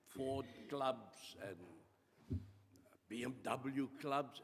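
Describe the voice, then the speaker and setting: Slow halting South African preacher. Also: male voice, mid-range voice, a little hiss or hum. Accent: South African English. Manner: slow, halting, many fillers. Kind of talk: sermon and prayer. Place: church. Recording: long reverb of a church hall.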